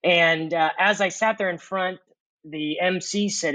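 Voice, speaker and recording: A man guest in an interview, earnestly telling a personal testimony with reflective pauses and fillers. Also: high voice, steady tone, bright, forceful tone, dry recording, low-quality recording. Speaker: former corporate executive turned mission worker.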